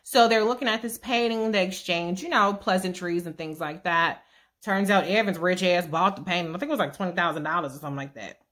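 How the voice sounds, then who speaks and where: A woman's voice: fairly low pitch, brisk, a bit bright. A woman casually recapping a TV series with profane, sassy asides. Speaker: show recap vlogger.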